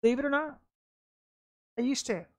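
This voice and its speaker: Fervent high-voiced woman preaching. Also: normal speed. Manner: fervent and emphatic, with bursts of excitement; blunt, folksy talk. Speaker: ministry leader and preacher. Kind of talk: online sermon.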